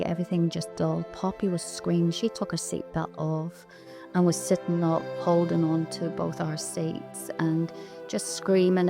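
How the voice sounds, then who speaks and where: A woman's voice: on the low side, creaky. A middle-aged Irish woman, an interview guest, recounting a painful personal story with quoted dialogue, her words raw and urgent at times. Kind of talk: emotional personal account.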